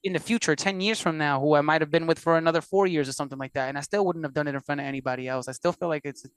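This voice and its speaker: A man's voice: fairly high pitch, very fast, smooth, no room sound. A man from Puerto Rico, a musician and producer, telling stories animatedly as a podcast guest. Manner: animated storyteller, acts out quotes. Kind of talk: casual interview conversation.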